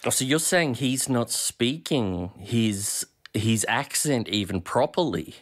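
A man's voice: mid-range voice, animated, takes it slowly. A man guesting on a casual live-stream chat, eager and curious, asking lots of questions.

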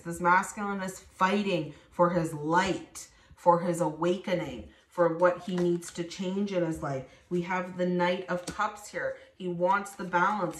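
A woman giving a spoken tarot reading to her viewers, addressing them directly and acting out the voices she quotes. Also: lowish voice. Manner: acts out quoted voices, talks straight to viewers. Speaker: tarot reader. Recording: echoey room.

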